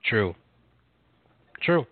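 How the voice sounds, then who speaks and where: A man co-hosting a casual radio show, rambling with lots of fillers and self-corrections. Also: drawn-out words. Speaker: podcast co-host. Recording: dry, phone-like narrow sound.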